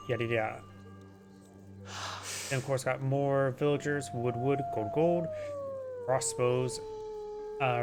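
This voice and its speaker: A man casually commentating a strategy game replay, rambling and tripping over unit names. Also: mid-range voice.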